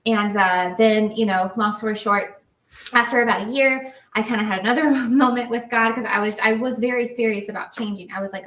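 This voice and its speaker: A woman's voice: on the high side, fairly even intonation, fairly quick, fairly bright tone, echoey room, distant mic, poor audio. A woman co-host in casual chat, telling her story in an earnest, reflective way.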